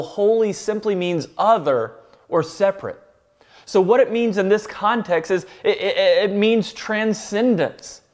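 A man preaching a sermon, earnest and explaining with everyday examples and light teasing asides. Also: high voice. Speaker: pastor.

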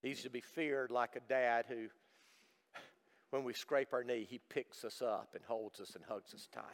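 A middle-aged man preaching a sermon to his congregation, swinging from loud emphatic lines to hushed, almost whispered ones. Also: medium pitch, steady tone, moderate pace, long reverb tail. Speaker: pastor. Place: church service.

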